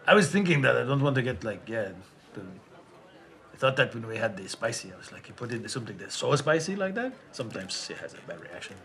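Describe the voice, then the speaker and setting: Lively guy at a tabletop game, bright, voice jumps all over. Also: medium pitch, fast. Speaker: player. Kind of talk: tabletop role-play.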